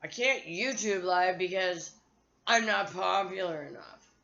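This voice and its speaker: A woman's voice: fairly low pitch, a little slow, a bit bright, muffled recording. A woman vlogger talking to her phone in a candid, profane, rambling monologue.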